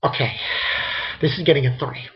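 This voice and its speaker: A man giving a casual, halting spoken review of a comic chapter, often restarting his sentences. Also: mid-range voice, highs cut off, a little hiss or hum. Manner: rambling, halting commentary with restarts. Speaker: manga reviewer.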